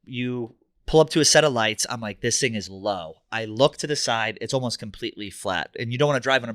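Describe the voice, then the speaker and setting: A man, a podcast co-host telling an animated, profane story in casual chat and acting out quotes. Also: medium pitch, a little fast, dry recording, studio quality.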